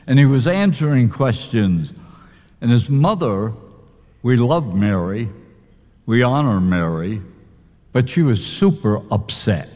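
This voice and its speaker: Male preacher, unhurried, highly expressive delivery, long hall reverb. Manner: animated, emphatic preaching with dramatic pauses. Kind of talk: sermon.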